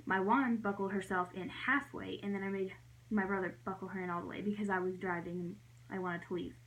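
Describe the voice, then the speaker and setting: A woman's voice: mid-range voice, fairly even intonation, a little fast, fairly bright tone, a little hiss or hum, low-quality recording. A young adult woman telling a storytime vlog in a chatty way, full of "like" fillers, her voice jumping up when she acts out her own reactions. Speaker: vlogger.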